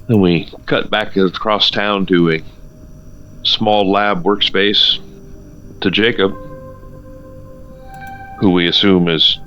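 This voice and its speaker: A man running a tabletop game with a low voice and easy, halting narration. The recording is a touch dull, with faint music under it. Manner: relaxed, halting narration with fillers. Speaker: game master.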